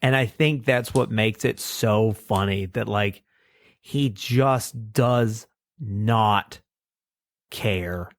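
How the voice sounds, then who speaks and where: Speaking very slowly in a lowish voice, a man co-hosting a podcast reviews cartoons in casual conversation. He rambles and laughs at his own stories.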